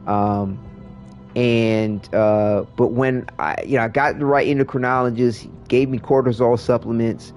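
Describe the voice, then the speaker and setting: A man chats loosely with his viewers while he plays, looping back on himself and restarting his sentences. His voice sits at an ordinary middle pitch, with faint music playing underneath. He keeps it relaxed and conversational. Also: unhurried. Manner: rambling, full of restarts and "like". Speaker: livestreamer. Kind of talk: casual chat while gaming.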